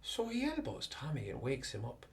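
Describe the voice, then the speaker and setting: Irish male storyteller, animated, rambling comic yarn, wide-ranging pitch. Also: moderate pace. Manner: chatty, digressive, animated.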